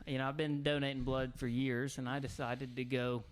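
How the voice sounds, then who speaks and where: A man co-hosting a podcast, telling an unhurried story with wry jokes in casual chat. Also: medium pitch, level tone, slight background noise. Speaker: podcast co-host.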